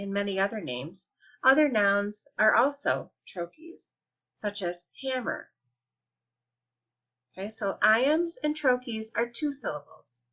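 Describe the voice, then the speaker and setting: Bright-voiced woman teaching a lesson. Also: medium pitch. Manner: patient, deliberate, stretches example words slowly. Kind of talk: explanatory lesson. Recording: dull lo-fi recording.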